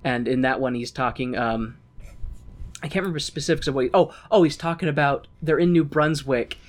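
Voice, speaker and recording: A man's voice: mid-range voice, brisk. A man co-hosting a podcast, retelling a story in a rambling, laughing casual chat. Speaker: podcast co-host.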